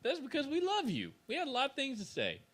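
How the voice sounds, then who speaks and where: A young man co-hosting a casual podcast, joking around and slipping into loud goofy voices. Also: extremely high pitch, wildly swooping pitch, fast talker. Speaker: podcast co-host.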